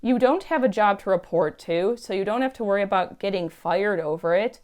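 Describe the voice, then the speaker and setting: A woman's voice: medium pitch, a little fast, darkish tone. A woman telling stories in a chatty, emphatic way on her casual vlog. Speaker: YouTube vlogger.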